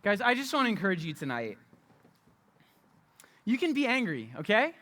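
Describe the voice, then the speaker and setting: A man's voice: sits high, huge pitch swings, normal speed, pushed and bright. A young adult man preaching a candid, conversational sermon as a youth pastor, often repeating and restarting his phrases.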